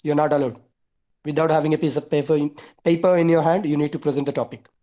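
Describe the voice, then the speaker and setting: A man's voice: on the high side, fairly even intonation, fast talker, mellow. A man teaching an online class. He lists his points one by one and repeats the key words. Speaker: English teacher. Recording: dull lo-fi online call audio.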